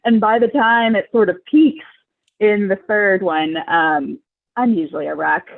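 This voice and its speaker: A young woman from Southern California joins the chat over a thin, phone-like line. Her voice has a gravelly fry, and she wanders through her thoughts with plenty of "like" and "um", casual and unhurried. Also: mid-range voice. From Long Beach, California. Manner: rambling, hesitant, full of "like" and "um". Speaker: podcast guest. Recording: phone-like remote call line.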